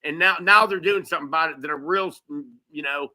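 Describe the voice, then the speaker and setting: Guy with a real bright voice kinda high, swearing a lot, rambling stories on a podcast. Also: fast. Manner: profane, rambling storyteller. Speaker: guest, local news video maker. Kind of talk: casual podcast chat.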